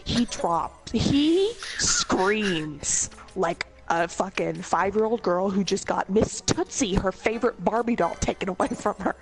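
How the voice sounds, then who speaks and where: A woman's voice: medium pitch, lively intonation, measured pace, hardly any pauses, faint music behind. A woman telling comedic stories in a casual, rambling way, laughing often and swearing freely. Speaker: storyteller host.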